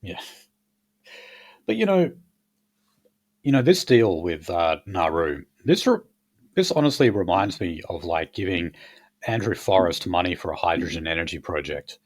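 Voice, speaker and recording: A man's voice: low-pitched, big pitch swings, normal speed, long pauses. A man hosting a casual political chat, blunt and crude, rambling with many fillers. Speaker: podcast host.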